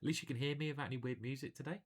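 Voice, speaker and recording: A man's voice: medium pitch, very fast, slightly rough. A man, a chess grandmaster, commentating live on his own online games in a chatty, self-deprecating way, thinking aloud at a home computer.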